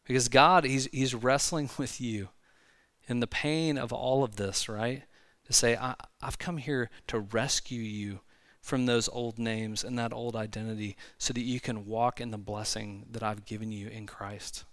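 A man preaching a sermon in a church, talking conversationally with frequent asides and quick restarts. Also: medium pitch, steady tone, fairly bright tone, no room sound. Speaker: pastor. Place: church sanctuary.

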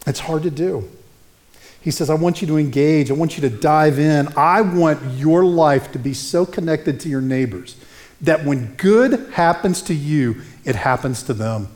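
A middle-aged male pastor preaching a sermon, telling stories in an animated, conversational way. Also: a little high.

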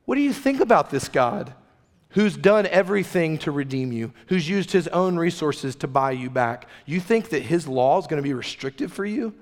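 A man's voice: a little high, lively intonation, normal speed. Earnest male preacher in a reverberant hall. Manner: earnest, conversational preaching with rhetorical questions. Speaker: pastor. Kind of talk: sermon.

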